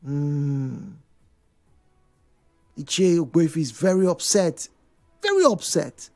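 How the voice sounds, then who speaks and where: Male radio host, lively and animated delivery, reads messages and comments. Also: fairly high pitch, slow pace, pauses often, faint music behind. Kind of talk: radio phone-in talk show.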